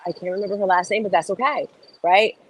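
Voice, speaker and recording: Energetic woman hosting a motivational talk. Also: mid-range voice, quick pace, rough recording. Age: middle-aged. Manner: energetic, emphatic, talks straight to viewers. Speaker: motivational host. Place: outdoors in morning sun.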